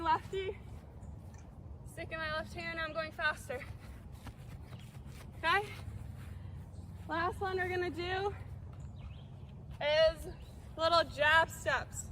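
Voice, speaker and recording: A young lacrosse coach on an outdoor field demonstrates drills as she moves, explaining each step and checking in with "okay?" after it. Her voice is extremely high-pitched and sharp, with a little background noise.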